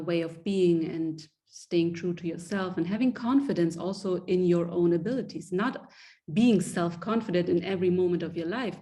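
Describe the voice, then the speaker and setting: Earnest woman with a mellow voice. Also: fairly low pitch. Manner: earnest, restarts sentences often. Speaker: guest. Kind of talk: reflective interview talk.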